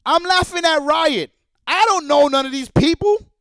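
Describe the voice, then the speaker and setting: A man with a very high voice rants at a streaming audience, angry and cursing as he hammers the same points again and again. The sound is dry and close, with no room around it. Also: moderate pace, fairly bright tone, no room sound. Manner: angry, profane, repetitive. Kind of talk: heated rant.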